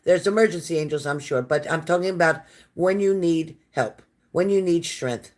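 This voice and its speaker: Raspy-voiced woman chatting on a livestream. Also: normal speed, a little mellow. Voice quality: raspy, low smoker's voice. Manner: chatty, affectionate, thanks viewers by name. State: sore throat. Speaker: livestream host reading viewer comments. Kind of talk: casual livestream chat.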